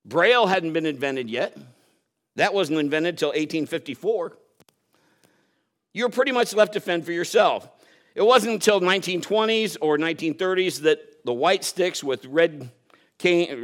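A man's voice: fairly high pitch, normal speed. A man preaching a sermon, telling a personal story, acting out quotes and laughing at himself.

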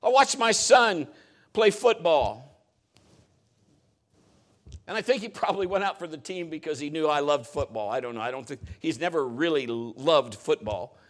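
Brief: middle-aged male pastor, higher voice, storytelling sermon with animated peaks. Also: moderate pace.

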